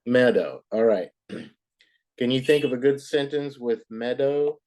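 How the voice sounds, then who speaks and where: Patient slow-spoken woman tutor. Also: a bass voice, dark tone. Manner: patient, slow and encouraging, repeats words to model them. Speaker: English tutor. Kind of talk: online tutoring lesson.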